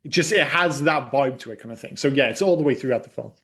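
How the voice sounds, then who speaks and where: A man's voice: mid-range voice, fast, fairly bright tone. A man hosting a casual film podcast, chatty and wry, swearing freely. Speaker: podcast host.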